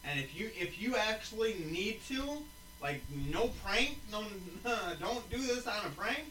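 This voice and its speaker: A man's voice: high voice, expressive, unhurried, pushed and bright, roomy sound, distant mic, a little hiss or hum, low-quality recording. A man telling a rambling story in casual chat as a podcast co-host, swearing freely.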